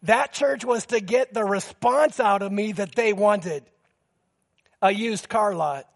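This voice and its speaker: A man preaching a sermon as pastor, telling stories with quick asides and acting out the quotes in lively bursts. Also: high voice, vocal fry. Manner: animated storytelling with quick asides and acted-out quotes.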